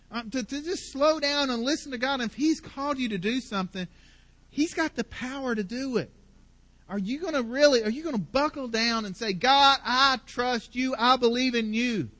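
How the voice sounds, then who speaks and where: In a high, bright, forceful voice, a pastor preaches his sermon with passion. He builds each point through emphatic repetition.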